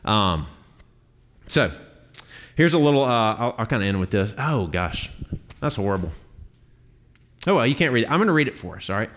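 A low-voiced man leads a Bible class in a classroom. His talk is chatty and relaxed, full of filler words and quick restarts as he explains to the group. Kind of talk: conversational Bible teaching.

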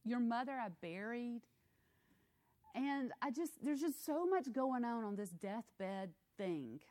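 A woman leads a Bible study, reading scripture aloud and explaining it in an expressive, emphatic, conversational style, acting out the quotes. Her voice is a little high and she speaks slowly.

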